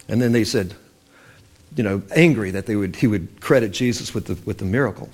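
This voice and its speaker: A man's voice: fairly low pitch, a little fast, a little mellow. A man preaching a sermon in a loose, conversational way, acting out the voices of Bible figures as he tells the stories. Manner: loose and conversational, with restarts and fillers.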